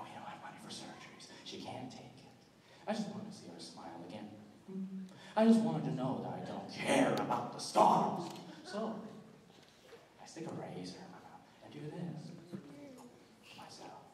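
A young man voicing a menacing, unhinged scarred male villain with a hoarse, sneering voice and wild laughs, heard from far off in an echoey hall with a crowd. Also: on the high side.

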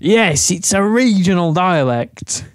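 Man voicing a high, nervous Aussie principal, stammering excuses, dry close mic. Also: expressive, slow pace, dry recording. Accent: put-on Australian. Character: flustered middle-aged male school principal. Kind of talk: fan parody voice acting.

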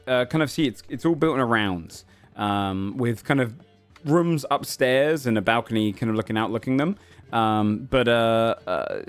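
A man running a tabletop game as game master, describing scenes with lots of ums and uhs. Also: medium pitch. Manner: rambling with many fillers.

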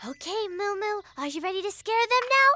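A woman voicing an eager young cartoon girl inventor who is bossy and excitable. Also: extremely high pitch, fairly quick. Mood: scheming. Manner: bossy and excitable, fond of science. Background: loud kids' cartoon music.

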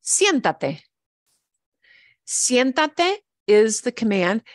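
A woman teaches a Spanish lesson at an unhurried pace. She repeats each word patiently for her learners, and her voice sits close and dry on the mic. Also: fairly high pitch, sing-song, no echo. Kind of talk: online language lesson.

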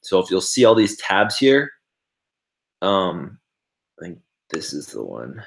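A man's voice: sits low, huge pitch swings, takes it slowly, gravelly, a little hiss or hum. A man casually talking through his video editing on a livestream, rambling and reading viewers' chat comments aloud.

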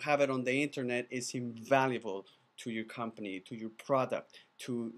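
A man who is not a native English speaker, pitching his video course in an enthusiastic, chatty way, often restarting his words. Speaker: animated video producer teaching a course. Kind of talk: casual course pitch to camera.

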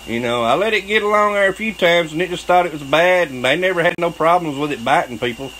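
A man's voice: on the high side, expressive, quick pace, few pauses, a bit bright, a little hiss or hum, low-quality recording. Profane Southern man spinning a yarn. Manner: profane, boastful, laughs often. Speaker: channel host telling a story. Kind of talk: crude storytelling monologue.

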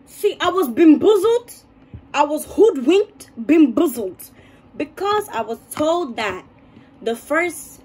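High-voiced woman telling a wild story. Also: breathy edge. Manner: animated, dramatic storytelling. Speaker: vlogger. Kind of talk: casual storytime.

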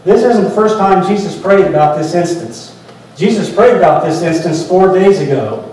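A man's voice: high voice, lively intonation, moderate pace, a little mellow. A male pastor preaching a sermon in a conversational, explanatory way, often restarting phrases. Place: church sanctuary. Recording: echoey church from far off.

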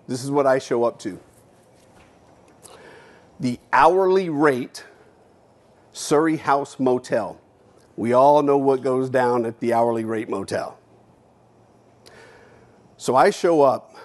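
A man giving a keynote speech, telling a personal story bluntly and candidly, swearing freely and moving between loud and hushed delivery. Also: medium pitch. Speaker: keynote speaker. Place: lecture hall.

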